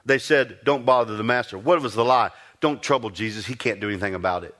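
A man preaching a sermon, retelling scripture stories in a folksy, animated way, often repeating and restarting his phrases. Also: medium pitch, fast. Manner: animated storytelling, rising to emphatic peaks.

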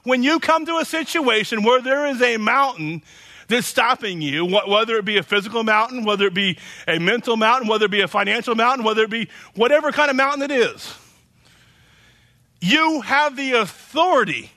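A man's voice: very high-pitched, a little fast, sharp tone. A man preaching a sermon as pastor, emphatic and repetitive, often tossing in "you know".

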